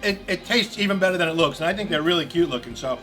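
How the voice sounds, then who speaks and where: A man's voice: high voice, animated, fast talker, pushed and bright, faint music behind. A man hosting a casual cooking demonstration at an outdoor grill, chatty and enthusiastic, talking straight to the camera. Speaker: cooking show host.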